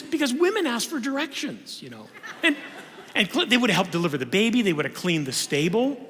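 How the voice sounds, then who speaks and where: A man giving a humorous conference lecture in a church auditorium, telling stories in an animated way with frequent restarts. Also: high voice, quick pace, a little hiss or hum. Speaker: conference speaker. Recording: long reverb of a church hall.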